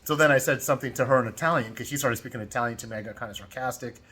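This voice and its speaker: A middle-aged man chatting casually as a travel vlogger in a hotel room, telling stories in a talkative way and growing loud as he retells a quarrel. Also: medium pitch, rapid-fire, husky. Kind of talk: casual vlog chat.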